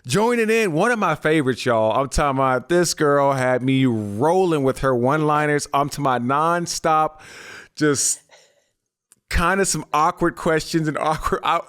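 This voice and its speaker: A man hosts a podcast in a laid-back, folksy way, talking fast at times. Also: fairly high pitch, a bit bright, smooth. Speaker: podcast host. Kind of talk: casual podcast chat.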